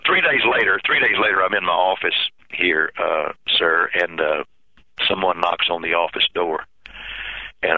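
In an interview, a male pastor tells a personal story in a very deep, gravelly voice. He is earnest and halting, stumbling over repeated words. The recording is dry but thin and tinny, like it's coming over a phone line.

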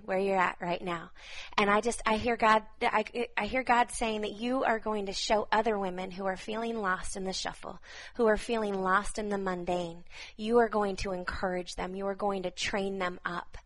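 A woman in her thirties speaking fervently as she gives prophetic words to viewers on a live stream, repeating phrases with soft laughs. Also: medium pitch, fairly even intonation, moderate pace, rough recording.

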